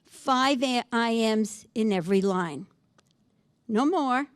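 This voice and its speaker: Slow, dry-voiced woman lecturer on poetry. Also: on the high side, lively intonation, smooth, no room sound. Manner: reads verse slowly, then chats about it. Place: library lecture room.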